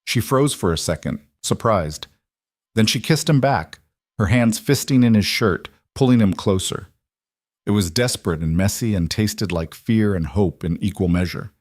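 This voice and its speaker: A man doing scripted narration of a dramatic story in an even, measured manner. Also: on the low side, no echo, studio quality.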